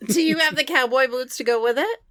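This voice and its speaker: A woman's voice: high-pitched, fairly quick, a bit bright. A woman co-hosting a podcast in casual chat, teasing her friends and laughing often. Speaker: podcast co-host.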